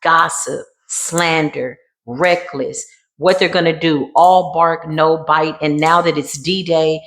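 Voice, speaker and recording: A woman giving a dramatic tarot card reading in a sassy way, dropping to a hush and then rising to emphatic bursts. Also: sits low, steady tone, slow pace. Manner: sassy, dramatic, swings between hushed and emphatic. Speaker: tarot reader.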